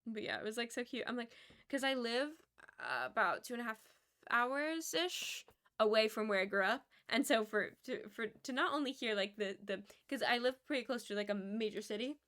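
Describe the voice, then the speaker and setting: A woman's voice: fairly high pitch, lively intonation, normal speed, a bit bright. A young woman in her twenties streaming a building game, chatting casually and muttering counts under her breath.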